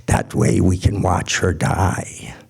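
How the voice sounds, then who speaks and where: A man voicing a wicked young bride who is secretly a snake, in a told folk tale, with sharp, suspicious lines. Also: low voice, steady tone, takes it slowly, creaky, slightly rough, full character voice. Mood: spiteful.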